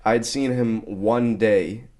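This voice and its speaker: A young man co-hosting a podcast in casual chat, telling animated stories full of laughter and sudden loud outbursts. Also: on the low side, slow pace. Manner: animated storyteller who breaks into loud shouts and laughter. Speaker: podcast co-host.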